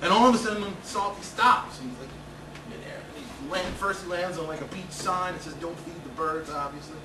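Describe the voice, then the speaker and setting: A male stand-up comedian telling a long story in an animated way. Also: sits high, brisk. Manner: animated, building excitement. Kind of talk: comic storytelling. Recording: roomy stage sound, distant mic, noisy.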